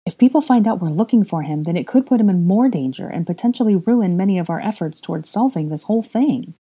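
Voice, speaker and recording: A woman's voice: mid-range voice, lively intonation, fast, warm tone, husky, voice pushed up. A woman voicing an earnest, bossy young witch who talks urgently and insistently.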